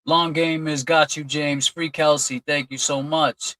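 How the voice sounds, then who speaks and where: A man's voice: a little high, flat delivery, a little slow, bright, forceful tone, dry recording, low-quality recording. Man, livestream host, casual chat, thanks donors, dry close sound. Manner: reads out donor names and thanks them, chatty and loose. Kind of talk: casual livestream chat reading super chats.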